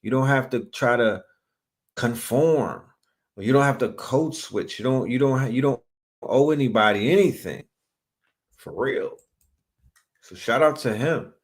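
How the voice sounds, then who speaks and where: A man's voice: mid-range voice, measured pace, long pauses. A man hosting his channel, talking casually to a live chat in loose street slang, often asking "you feel me?". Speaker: channel host.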